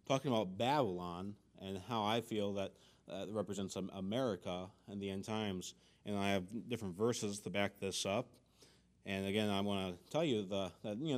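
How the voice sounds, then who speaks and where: Low-voiced man teaching a church Bible class. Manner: folksy, conversational, many restarts. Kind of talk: church Bible lesson and prayer.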